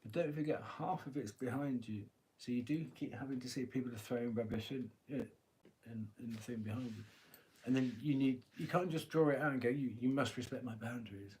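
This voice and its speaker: A man's voice: mid-range voice, fairly quick, hardly any pauses, warm tone, slight background noise. A man giving a live-stream tarot reading, chatty and joking, laughing often and swearing casually, talking into a phone. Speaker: tarot reader.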